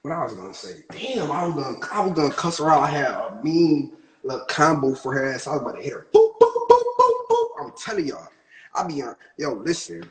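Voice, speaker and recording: A man's voice: on the high side, expressive, fast, faint music behind, low-quality recording. A young man venting on a phone livestream, rambling, swearing and trailing off mid-thought. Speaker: rapper on livestream. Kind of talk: livestream rant.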